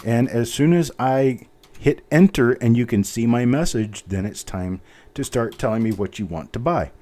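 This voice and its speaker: At an ordinary pace, this man hosts a coin auction livestream in a warm, medium-pitched voice. He chats loosely, makes fun of himself, and types while reading out the bidders.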